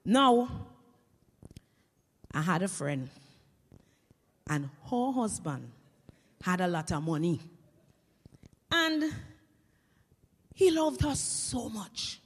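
A woman telling comic stories in lively creole, dropping to a hush and rising to loud punchlines. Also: medium pitch, drawn-out words, long pauses, breathy edge. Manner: lively creole storytelling, swings from hushed to loud. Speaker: storyteller. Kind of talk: comic storytelling. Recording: echoey hall reverb.

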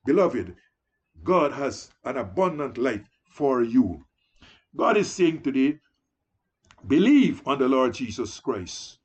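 Male preacher, high and animated, slightly husky, exhorting his flock. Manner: exhorting, repeatedly addressing listeners as beloved. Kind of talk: sermon.

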